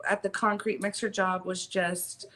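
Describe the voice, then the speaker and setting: Bright-voiced woman telling a story. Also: medium pitch, unhurried. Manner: animated, emphatic storytelling with many fillers. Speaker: guest. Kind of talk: casual storytelling interview.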